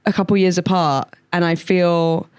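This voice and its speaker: A woman's voice: fairly low pitch, steady tone, moderate pace, clean tone, no echo. A young woman co-hosting a podcast, telling stories in a chatty way with lots of "like". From England. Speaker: podcast co-host. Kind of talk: casual chat.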